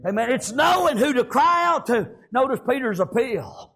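A man preaching a fervent sermon, shouting often and tagging "amen" onto his lines. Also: very high voice, sing-song, moderate pace, few pauses, slightly rough.

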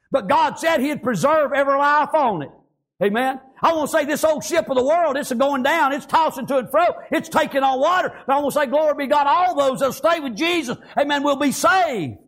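A man preaching in a fervent drawl, his voice sitting unusually high. He strings his sentences together with constant amens and praise Gods. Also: gravelly, fairly bright tone. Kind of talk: sermon.

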